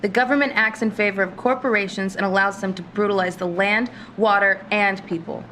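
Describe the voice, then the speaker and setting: A woman's voice: medium pitch, steady tone, brisk, fairly bright tone, a little hiss or hum, close to an everyday voice. A woman in a game role giving a scripted, indignant activist statement with rhetorical questions. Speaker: protest video speaker.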